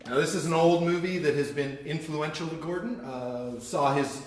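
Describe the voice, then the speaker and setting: A man's voice: fairly high pitch, normal speed, soft background music. A man casually giving a live-stream gallery tour, chatty and enthusiastic about the art. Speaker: gallery host. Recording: echoey room with faint noise.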